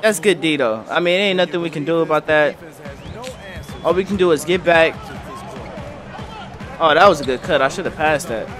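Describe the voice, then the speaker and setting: A young man calls his basketball video game as he plays, his voice sitting high and swinging all over the place. He reacts in excited bursts and talks trash at the screen. Faint game music and arena crowd noise run underneath. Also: measured pace, long pauses. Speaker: gaming commentator. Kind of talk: live gameplay commentary.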